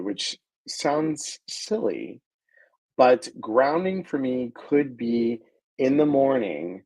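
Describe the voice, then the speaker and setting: A man's voice: medium pitch, low-quality recording. A middle-aged man, a guest on a live stream, chatting casually and playfully, greeting viewers and joking along. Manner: playful, animated, reads viewer comments aloud.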